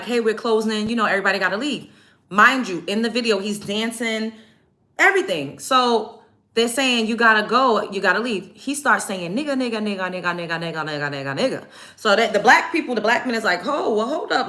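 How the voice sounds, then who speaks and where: A woman's voice: mid-range voice, sharp tone. A woman hosting a livestream, retelling events to her chat in a heated, profane, emphatic rant. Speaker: livestream host.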